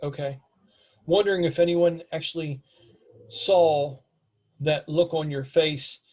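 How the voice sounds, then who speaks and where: Male game master, slightly high pitch, descriptive narration peppered with ums. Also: fairly even intonation, takes it slowly, darkish tone.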